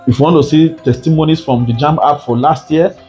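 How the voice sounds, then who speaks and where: A man's voice: fairly high pitch, fairly even intonation, fairly quick, mellow, soft background music. A man teaching an exam prep lesson, often repeating points and asking rhetorical "what?" questions. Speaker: tutor.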